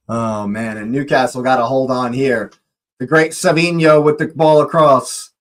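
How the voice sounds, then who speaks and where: A young man hosting a live football watch-along, excitable, laughing often and repeating his phrases. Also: medium pitch, slow pace, pauses often.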